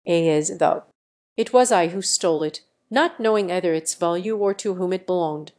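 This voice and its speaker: Calm, direct jungle-raised man, read by a synthetic woman's voice, plain delivery. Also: on the low side, normal speed, close to an everyday voice. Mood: calm firm.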